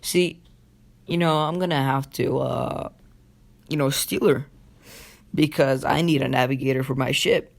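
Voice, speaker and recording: A man's voice: mid-range voice, fairly even intonation, a little slow, vocal fry, pauses often. A man voicing Luffy, a cocky offhand young pirate.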